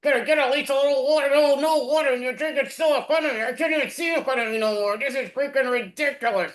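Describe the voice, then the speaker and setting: A man playing a rambling male hitchhiker in an improv scene, gushing and stammering with "oh" at every turn. His voice sits high for a man and bounces off a roomy, echoey space. It sounds picked up over a video call. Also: fast talker, fairly bright tone. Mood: frantic. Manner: exclaims "oh" constantly, rambling and stammering. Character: chatty male hitchhiker, easily delighted then panicky.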